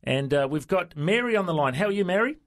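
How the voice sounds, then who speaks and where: A man hosting a call-in radio show, passing the talk between callers and guest in a friendly, brisk way. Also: high voice, expressive. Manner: friendly, brisk turn-taking. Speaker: radio host.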